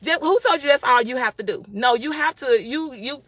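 A woman hosting a casual devotional talk, speaking with excitement and emphatic repetition. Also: high-pitched, brisk, slightly rough, no echo. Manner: excited, emphatic, with repeated phrases.

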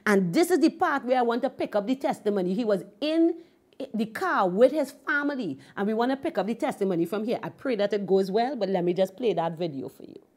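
Warm-voiced woman ministering. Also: mid-range voice, expressive, a little fast. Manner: emphatic storytelling. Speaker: host and minister. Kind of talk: devotional teaching.

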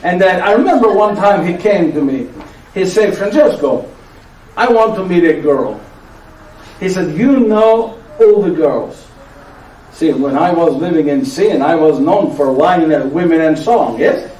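Actor as an aging friar, weary but joking, Italian accent, high voice, teasing "yes?" asides, echoey church, mic far off. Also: male voice, expressive, measured pace, darkish tone. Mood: playful. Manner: teasing storyteller who keeps asking "yes?". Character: aging frail male friar, tired but playful joker. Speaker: actor performing a one-man show. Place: church hall before a live audience.

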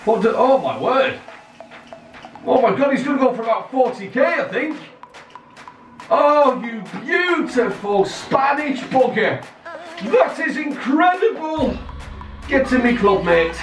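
A man hosting a gaming video, giving excited pack-opening commentary, often shouting and swearing at the game. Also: very high-pitched, slow. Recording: roomy distant mic with faint music.

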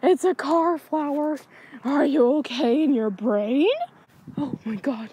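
A woman with a high-pitched, mellow voice speaks slowly as she rambles to herself in a casual vlog. It's nighttime and cold, she's on a backyard swing, and she's scatterbrained, recording with a handheld iPod camera.

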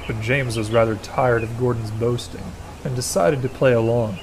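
A man narrating a storybook about steam engines in a gentle, measured manner. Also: mid-range voice, steady tone, slight background noise.

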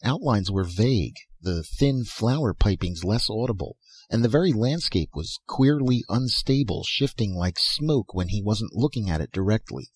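A man narrates a story aloud in a measured, steady manner, his voice lowish and a little husky. The recording is dry and close, with no room sound. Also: no room sound. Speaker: audiobook narrator. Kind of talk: scripted narration.

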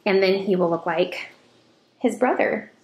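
A woman chatting casually to her vlog viewers, animated and storytelling. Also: mid-range voice, measured pace. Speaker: vlogger. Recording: echoey room.

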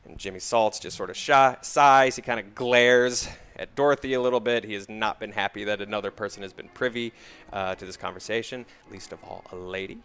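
A man's voice: on the low side, brisk, smooth. Man narrating as game master. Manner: relaxed, filler-heavy narration. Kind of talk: narrating a tabletop horror game.

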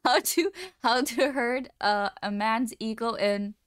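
A young woman streamer chatting casually with a smooth, resonant voice. She tells stories in an animated, talkative way, close to a dry mic. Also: a little high, takes it slowly, no echo. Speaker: livestream host. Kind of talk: casual chat.

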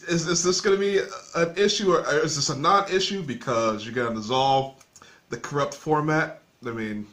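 A man hosting an interview, asking his questions in a halting, eager way. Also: fairly high pitch, a bit bright. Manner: halting, with fillers and restarts, eager. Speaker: host.

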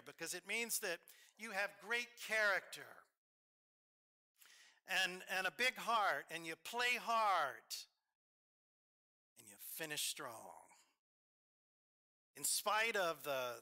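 A man's voice: a little high, clear, resonant tone. A man with an Alabama accent giving a eulogy at a memorial service in a church, telling stories with frequent fillers and asides. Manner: storytelling, warm asides, hesitant fillers. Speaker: officiant.

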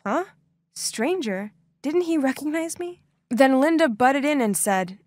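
A young woman telling a first-person story for an animated video, with expressive, dramatic delivery. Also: high voice, measured pace, no echo. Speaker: narrator.

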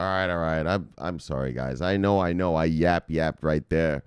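A man hosting a crypto news show, ranting and swearing as he reads the headlines, laughing at his own jokes and swinging from shouting to muttering. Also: deep voice, moderate pace, clear, resonant tone, dry recording, studio quality. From United States. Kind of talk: profane ranting commentary.

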